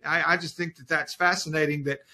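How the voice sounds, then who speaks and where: A man's voice: on the high side, steady tone, brisk, pushed and bright. A man who is a guest on a Bible study podcast, explaining passages in an earnest way.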